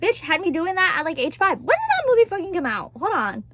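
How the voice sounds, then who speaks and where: A woman's voice: very high-pitched, huge pitch swings, fast talker, a bit bright. A woman in her twenties chatting casually as a vlogger, gushing and swearing freely, laughing often. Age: 20s. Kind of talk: casual chat.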